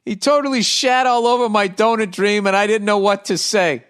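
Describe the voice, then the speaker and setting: A middle-aged man talks into his podcast mic in a loose, profane rant. His voice sits a little high for a man, and he turns sarcastic and riffing as he reads and mocks listener letters. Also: fairly bright tone, clean tone. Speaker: comedian podcast host. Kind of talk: casual podcast monologue reading listener mail.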